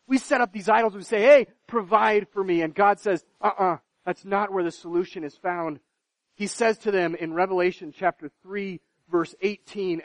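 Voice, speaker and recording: A man preaching a sermon, swinging from loud, emphatic declarations to hushed, quiet pleading, sometimes repeating a word as he starts a phrase. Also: high voice, no room sound. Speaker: pastor.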